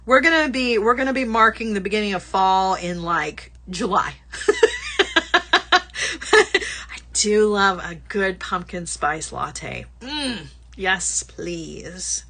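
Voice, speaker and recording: A woman's voice: mid-range voice, slow, pushed and bright. A woman hosting a casual livestream product showcase, chatty and bubbly, laughing often and gushing over small items. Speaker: host.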